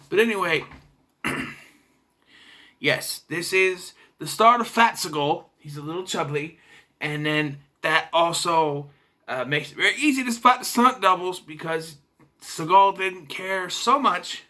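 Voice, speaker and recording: A young man chats his way through a movie review, sarcastic and loose. His voice is bright and fairly high, and it swings up and down a lot as he talks. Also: expressive, slow. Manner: chatty, sarcastic, clears throat. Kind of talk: casual video review.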